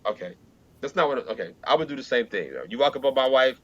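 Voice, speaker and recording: A man co-hosting a casual podcast, talking in an animated way, cutting in and playing devil's advocate. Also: mid-range voice, crowd noise. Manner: rapid, animated, cuts in and plays devil's advocate. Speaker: podcast co-host. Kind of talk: casual debate chat. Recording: dull lo-fi recording.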